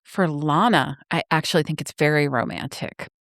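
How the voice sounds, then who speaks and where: A woman co-hosting a book podcast, telling a relaxed anecdote and giving her rating. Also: deep voice, normal speed, gravelly, no echo, studio quality. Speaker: podcast co-host. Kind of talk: casual book-club chat.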